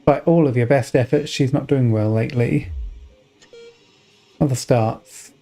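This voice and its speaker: A man's voice: medium pitch, measured pace, creaky, soft background music. A man streaming a game, reading its text aloud and reacting in a casual, wry way. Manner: casual, wry, reads choices out loud.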